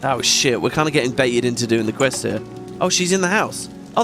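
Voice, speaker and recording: A man giving casual gameplay commentary as a let's play host, chatty and excitable, swearing often. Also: mid-range voice, a little fast. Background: game music.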